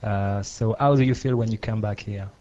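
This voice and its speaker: Halting male interviewer. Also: on the low side, steady tone, dark tone. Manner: halting, searching for words, laughs nervously. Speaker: radio interviewer. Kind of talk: radio interview. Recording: dull lo-fi radio tape.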